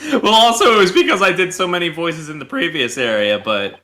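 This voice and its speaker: An easygoing man chatting through a game with a friend, his voice bright and his pitch lively. he laughs easily and speaks loosely, trailing off often. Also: moderate pace. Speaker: co-streamer. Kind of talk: casual let's-play chat.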